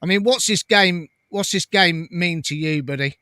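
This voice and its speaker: Man, fairly high voice, chatty host, reads comments aloud, laughs often, dry close sound. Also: moderate pace, sharp tone, clean tone, no room sound. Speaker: fan channel host. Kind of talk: casual live-stream chat reading comments.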